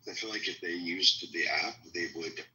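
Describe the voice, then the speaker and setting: A man's voice: sits low, steady tone, moderate pace, pushed and bright, echoey room, a little hiss or hum, poor audio. A man from California chatting casually in an online audio room, rambling and opinionated, laughing at his own jokes. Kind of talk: casual chat.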